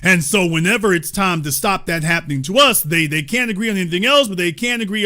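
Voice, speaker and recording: A middle-aged man hosting impassioned political commentary, preaching and rising to near-shouts, mocking the people he quotes. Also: high voice, fast talker, few pauses.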